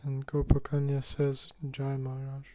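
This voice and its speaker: A man reads listener comments aloud in a completely level monotone. His voice is mellow and dark, and he keeps a steady pace over an online call. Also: mid-range voice, moderate pace. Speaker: reading out listener messages.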